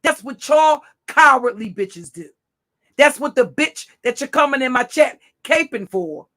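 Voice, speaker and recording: A woman's voice: high voice, animated, unhurried, a bit bright. A woman hosting a livestream, delivering a confrontational, profane, taunting rant at her chat. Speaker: livestream host. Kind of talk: ranting livestream monologue.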